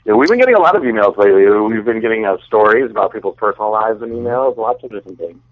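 A man's voice: fairly low pitch, lively intonation, rapid-fire, no room sound. Tinny phone-line man, rambling. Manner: rambling, hesitant storyteller. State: low-energy from dieting. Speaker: podcast co-host. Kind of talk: casual chat.

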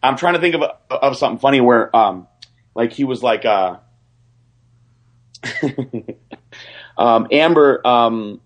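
A young man telling a story on a podcast in a rambling, excited way, full of fillers and restarts. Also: mid-range voice, slow pace, long pauses. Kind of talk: casual storytelling.

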